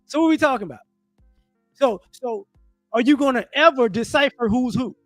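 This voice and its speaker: A man's voice: extremely high pitch, animated, normal speed, dry recording, soft background music. A man ranting on a livestream, stressing his points, repeating words, and now and then slipping into mocking voices. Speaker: livestream commentator. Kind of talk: opinionated livestream rant. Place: home livestream setup.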